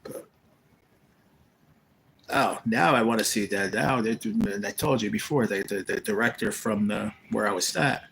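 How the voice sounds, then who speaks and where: Gravelly low-voiced man chatting on a live stream. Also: normal speed, a bit bright, a little hiss or hum, low-quality recording. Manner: rambling, storytelling, retells conversations. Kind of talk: casual live-stream chat. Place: rehab care facility room.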